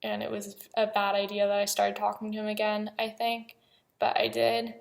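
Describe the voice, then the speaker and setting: Flat-voiced hesitant young woman vlogging. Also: mid-range voice, creaky. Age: young adult. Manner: halting, hesitant, many pauses and fillers. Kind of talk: personal confessional vlog.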